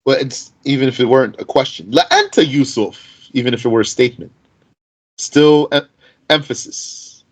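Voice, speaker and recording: A man teaching Arabic grammar in an explanatory lesson, asking rhetorical questions and reciting Arabic quickly. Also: mid-range voice, poor audio.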